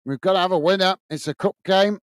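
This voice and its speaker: A man's voice: sits high, fast, clear, resonant tone, no room sound. A British man hosting a live football watch-along, commentating on play and chatting to viewers, often calling them mate with plenty of fillers. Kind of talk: live match commentary and chat reading.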